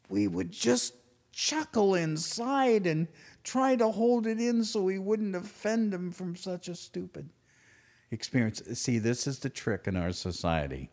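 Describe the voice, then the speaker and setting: A middle-aged man hosting a podcast, delivering an animated comic monologue that swings from loud outbursts to hushed asides. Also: high-pitched, unhurried, vocal fry. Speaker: podcast host.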